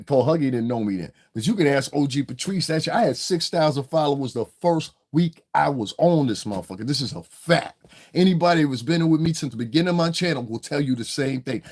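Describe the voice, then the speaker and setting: A man giving confrontational livestream commentary, blunt and profane, who keeps asking the listener if they understand. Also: mid-range voice. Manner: blunt, profane, repeats his questions to the listener. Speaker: online streamer and rapper.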